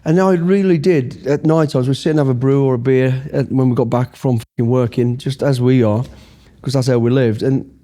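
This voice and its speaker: A man's voice: mid-range voice, fairly even intonation, normal speed, warm tone. A middle-aged man from Britain, a former soldier telling blunt, profanity-filled anecdotes in a casual interview. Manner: blunt, heavy swearing, rambling anecdotes. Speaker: guest, former special forces soldier.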